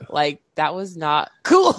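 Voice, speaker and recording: A woman's voice: low voice, normal speed, dry recording. A woman from Southern California co-hosting a movie podcast, chatting casually, swearing and quoting lines. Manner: animated storytelling, quotes movie lines, swears freely. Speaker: podcast co-host. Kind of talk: casual chat.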